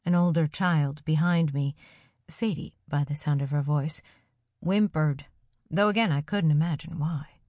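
A woman narrating a first-person story aloud in a calm, measured way. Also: low voice, no room sound. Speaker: audiobook narrator.

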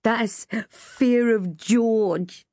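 A woman's voice: on the high side, drawn-out words, darkish tone, no room sound, clean studio sound, pitched above the performer's own voice. A woman voicing a cheeky teenage schoolboy who teases and chuckles smugly. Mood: teasing. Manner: smug, chuckling, mocking.

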